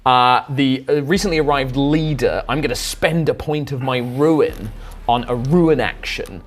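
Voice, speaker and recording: A man's voice: mid-range voice, unhurried. Rambling game master man. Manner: rambling, hesitant description with many fillers. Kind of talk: narrating a tabletop game.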